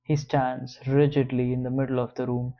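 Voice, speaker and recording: A man narrating an audiobook in the first person, with a measured, even reading. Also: mid-range voice, highs cut off.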